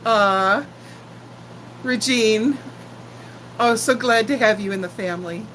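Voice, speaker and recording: An older woman in her sixties hosts a relaxed live stream, greeting her viewers by name with affection. Her voice sits a little high, and she talks at an unhurried, slow pace. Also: slight background noise, rough recording. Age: 60s. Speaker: channel host chatting with live viewers. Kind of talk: casual live-stream chat.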